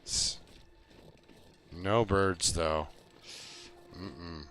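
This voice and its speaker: This survival-game streamer is a man whose voice is low-pitched, a bit bright, and steady in tone. His relaxed commentary drifts into slow, rambling stories with many fillers.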